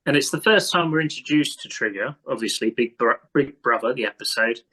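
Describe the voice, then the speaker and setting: A man co-hosting a podcast, chatting casually with relaxed, reflective remarks. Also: medium pitch, fairly quick, breathy edge, low-quality recording. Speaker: podcast co-host. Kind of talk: casual chat.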